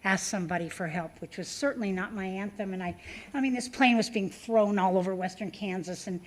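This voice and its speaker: A woman's voice: medium pitch, brisk, slight background noise. A woman speaking at a recovery meeting, telling a personal story with many fillers and acting out the voices she quotes.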